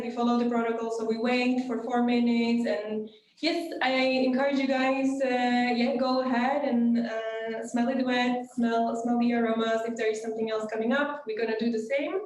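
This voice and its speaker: A woman's voice: on the high side, darkish tone. A woman hosting a live online coffee cupping, chatting and explaining the steps with fillers and laughs. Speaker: cupping session host. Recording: echoey room with faint noise.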